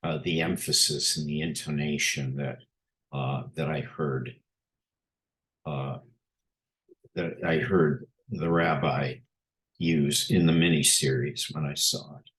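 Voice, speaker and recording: Slow, very deep-voiced male presenter. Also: steady tone, fairly bright tone. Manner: unhurried, frequent filler sounds. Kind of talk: lecture presentation with pictures.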